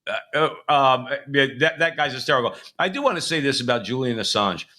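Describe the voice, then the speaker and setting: A middle-aged man with a bright, forward voice co-hosts a live political talk show. He rambles emphatically, often restarting his sentences as he pushes his point. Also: medium pitch, expressive, brisk. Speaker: co-host.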